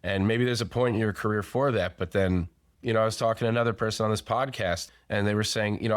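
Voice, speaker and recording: A man's voice: on the low side, fairly even intonation, fast talker. A man hosting a sales podcast, talking candidly and casually with the odd swear word and plenty of fillers. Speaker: podcast host.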